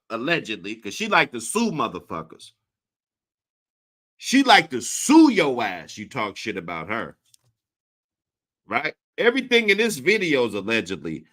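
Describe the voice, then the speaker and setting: A man reacting to a clip in crude, profane commentary. His voice is bright and rides up and down, and he takes his time. His pitch sits a little high. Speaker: host.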